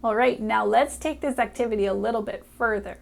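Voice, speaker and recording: A woman reading teacher who talks brightly and encouragingly to a young child, sounding out letters slowly and clearly. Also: fairly high pitch, music in the background. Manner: cheerful, encouraging, speaks directly to a child. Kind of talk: upbeat children's reading lesson.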